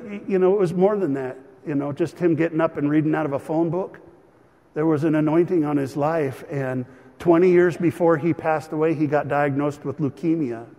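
A middle-aged man delivers a sermon from the pulpit, his voice sitting slightly high for a man. He tells stories warmly through fillers and little chuckles. The sound carries a long reverb, as in a large church sanctuary. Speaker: pastor.

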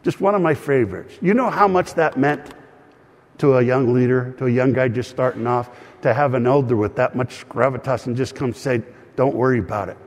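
A man's voice: mid-range voice, brisk, long reverb tail. A man preaching a sermon as pastor of a congregation, earnest and conversational, calling for responses from the room. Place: church hall.

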